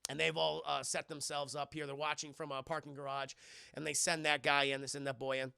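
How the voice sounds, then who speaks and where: A man talks through a film for his live chat in a loose, animated way, swearing freely. His voice sits a little high, with a bright, forceful edge and plenty of gravelly fry. The sound is close and dry, with no room echo. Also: a little fast. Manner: animated and profane, acts out lines in funny voices. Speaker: streamer reviewing a film with chat. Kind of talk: casual scene-by-scene spoiler recap.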